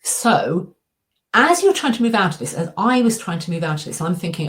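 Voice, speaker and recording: A woman's voice: lowish voice, big pitch swings, moderate pace, fairly bright tone. A middle-aged woman, giving a coaching presentation with slides and acting out her inner dialogue as she tells a story. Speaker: anxiety coach and speaker.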